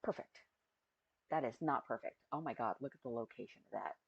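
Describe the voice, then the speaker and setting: A streamer talks unhurriedly through a live avatar-building session, thinking aloud and letting sentences trail off. The voice has a gravelly, husky edge and unhurried pacing. It sits on a muffled, lo-fi stream recording. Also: mid-range voice, no room sound. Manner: muttering to self, trailing off mid-thought.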